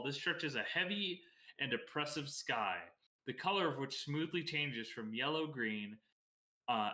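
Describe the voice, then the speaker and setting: Bright-voiced man in an echoey room. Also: medium pitch. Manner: relaxed, laughs easily, stumbles on words. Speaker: co-host reading art history. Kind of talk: casual podcast chat, reading aloud.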